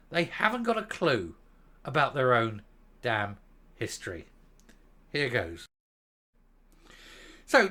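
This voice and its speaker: A man's voice: on the high side, pushed and bright. A Northern Irish man hosting his own channel, giving blunt, sarcastic opinion commentary with mild swearing. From Northern Ireland. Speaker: host of a political commentary channel.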